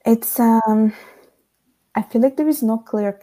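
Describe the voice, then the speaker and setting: A woman from Italy with an Italian accent speaks slowly in a mellow, somewhat high voice, recorded without echo. She's a podcast guest thoughtfully telling her own story, wandering through long searching stretches packed with fillers.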